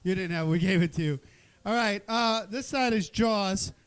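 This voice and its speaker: High smooth-voiced guy emceeing a cooking event, jokey and rambling. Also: normal speed. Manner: joking, playful, rambling. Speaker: event host. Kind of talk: casual emcee banter. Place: event hall with an audience.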